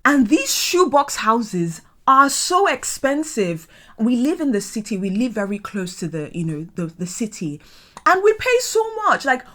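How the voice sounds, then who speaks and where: A young woman from Nigeria with a Nigerian accent, talking in an animated, dramatic, exclamatory vlog style. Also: medium pitch. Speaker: vlogger. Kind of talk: casual vlog talk.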